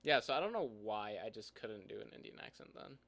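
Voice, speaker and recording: A man's voice: on the low side, sing-song, a little fast, a bit bright. A young man chatting casually with a friend, reading game reviews aloud and laughing through them. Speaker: YouTuber co-host.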